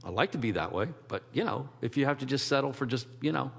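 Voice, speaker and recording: A man's voice: mid-range voice, expressive, fast, gravelly, a bit bright, slightly rough, in a large hall. A man preaching a sermon as a pastor, in a conversational, rambling way with restarts and quoted asides.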